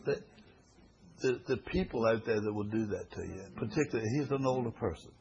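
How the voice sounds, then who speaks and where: A man's voice: fairly low pitch, a little fast, vocal fry, a little mellow, highs cut off. A man teaching a Bible study class to a small group, reading scripture aloud and explaining it in a folksy way, often repeating phrases for emphasis.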